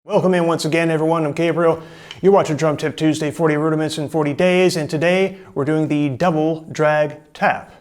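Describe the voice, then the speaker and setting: A drum teacher with a slightly higher man's voice talks casually and breaks each stroke down one step at a time. Drums sound in the background between his explanations. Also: a little fast. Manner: relaxed, explains step by step, counts in. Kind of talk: casual instructional talk.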